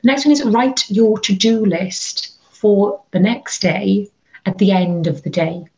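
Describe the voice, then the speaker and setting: A woman, a wellbeing and burnout coach, giving chatty, animated advice in an interview from her bedroom, with lots of fillers. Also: mid-range voice, measured pace. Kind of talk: interview conversation. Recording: slightly dull lo-fi audio.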